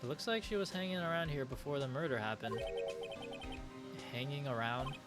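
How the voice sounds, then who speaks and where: Bumbling blustery male cop, read by a streamer; gruff, music under. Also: mid-range voice, lively intonation, normal speed, natural voice. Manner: blustery, says "pal" a lot. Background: game music.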